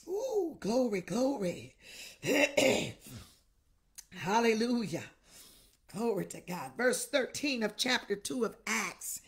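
A middle-aged woman bishop preaching a Pentecostal sermon, crying out in tongues, shouting and weeping, then dropping to a whispered appeal. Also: a little high, sing-song, takes it slowly. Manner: drops to intimate whispered exhortation.

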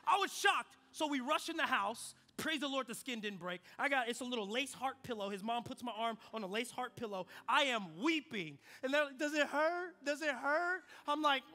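Brisk and barely pausing, a young man with a strikingly high, bright voice gives a sermon as a pastor. He tells stories with animated sweep, shifting between quiet reflection and loud, energetic peaks.

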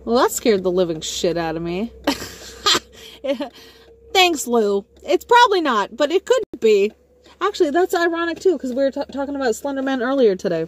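This woman has a high voice and a moderate pace, with a little hiss or hum under the recording. She's live-streaming from her car on a rainy night, phone in hand, chatting casually in an excitable, jokey way, swearing and laughing a lot.

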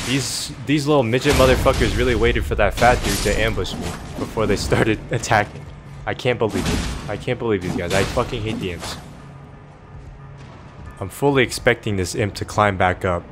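A man narrating a comedic gaming commentary, ranting with lots of profanity and sarcasm. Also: fairly low pitch.

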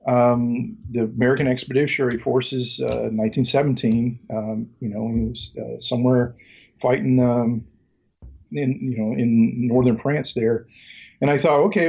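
Man, Southern accent, middle-aged, rambling, jokey, fillers, mid pitch, a bit muffled. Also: creaky, a little mellow. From Mississippi, US. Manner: rambling, lots of ums and restarts, jokey. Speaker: guest. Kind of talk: casual interview storytelling.

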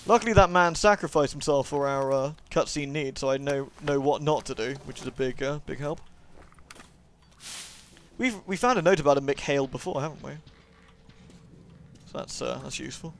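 A man's voice: a little high, normal speed, long pauses, a little hiss or hum. A young man giving casual, jokey let's-play commentary, swearing and chatting to the game character. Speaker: gaming YouTuber.

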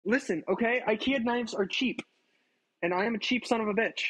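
A streamer with a very high-pitched, somewhat bright voice talks a little fast while cooking in his home kitchen. He chats casually with his livestream chat, swears freely, and makes fun of himself. The recording quality is low.

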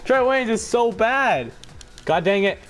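Excitable young man yelling over a game. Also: measured pace. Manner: loud bursts of yelling and laughter between low mutters. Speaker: gaming video host. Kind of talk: excited gameplay commentary. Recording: game music underneath.

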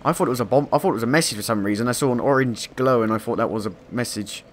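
A man talks over his game footage at an average pitch, reacting loudly with swearing and panic. His commentary is casual and self-mocking. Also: very fast, a little hiss or hum. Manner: excitable, swears, panics and laughs at himself. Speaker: gameplay commentator. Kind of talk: let's play commentary.

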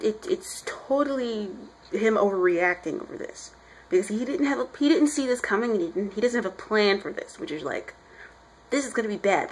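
A woman's voice: on the high side, a little hiss or hum, poor audio. A young woman reviewing a comic book in casual chat, rambling and chatty as she retells scenes.

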